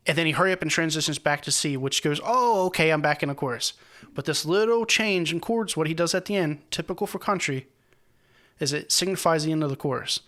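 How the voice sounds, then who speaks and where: Bright-voiced man breaking down a song. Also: fairly high pitch. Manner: enthusiastic, often restarts mid-sentence while explaining; earnest and moved, speaks about the song with feeling. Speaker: music reaction channel host. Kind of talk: casual song reaction and chord breakdown.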